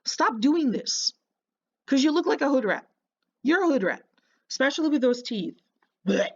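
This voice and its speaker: A woman with a fairly high voice talks back at a clip in a reaction video. She mocks and insults with biting sarcasm. The recording sounds dull and lo-fi. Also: very animated, normal speed. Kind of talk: reaction commentary.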